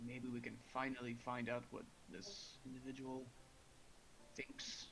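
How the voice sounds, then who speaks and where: Slow-talking man, tabletop player. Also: mid-range voice, monotone, vocal fry, a bit bright, slight background noise, low-quality recording. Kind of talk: tabletop role-play.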